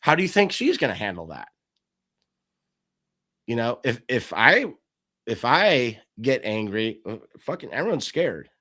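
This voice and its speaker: Animated storytelling man, casual podcast. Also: medium pitch, a little slow, long pauses. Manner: animated storytelling, acts out quotes. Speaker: podcast host. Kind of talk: casual discussion.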